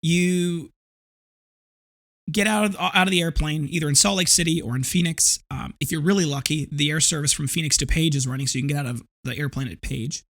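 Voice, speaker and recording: Reflective, rambling man with a higher voice. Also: a little fast, fairly bright tone. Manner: rambling and reflective, with many restarts. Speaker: podcast host. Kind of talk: casual solo podcast monologue.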